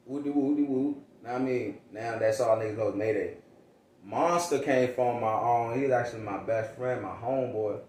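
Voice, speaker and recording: A male rapper from Virginia tells his story in loose, slang-filled talk. He drops into quick impressions of the people he quotes. He sits back from the mic in a room with a lot of echo. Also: mid-range voice. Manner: animated, slangy, acts out quoted voices. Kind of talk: casual storytelling interview. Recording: roomy echo, distant mic.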